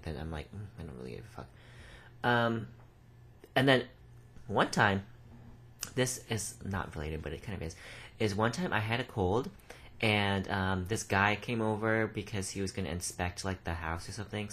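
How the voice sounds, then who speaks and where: A man's voice: sits low, fairly bright tone. A man co-hosting a podcast, chatting casually in a rambling way and swearing now and then. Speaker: podcast co-host. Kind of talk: casual chat.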